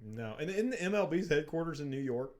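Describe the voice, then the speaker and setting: A man's voice: fairly high pitch, sing-song, a little fast. A man co-hosting a casual chat show, teasing his co-host with dry quips. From Indiana. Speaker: podcast co-host.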